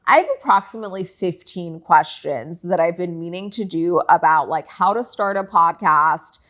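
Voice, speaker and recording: A young woman hosting her own podcast, telling a personal story in a candid, animated way with frequent swearing and filler likes. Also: lowish voice, normal speed. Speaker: podcast host. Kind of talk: casual solo podcast chat.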